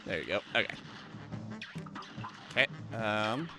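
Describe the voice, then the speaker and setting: A man streaming a video game live, thanking viewers and talking through his tactics, with frequent swearing and excited outbursts. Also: fairly low pitch, slow, over music. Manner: excitable, swears often, thinks aloud about tactics. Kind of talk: live gameplay commentary.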